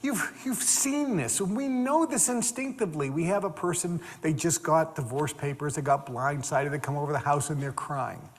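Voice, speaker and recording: A man giving a motivational talk, emphatic and animated, repeating phrases for stress. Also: on the high side, normal speed, hardly any pauses, in a large hall. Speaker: motivational speaker.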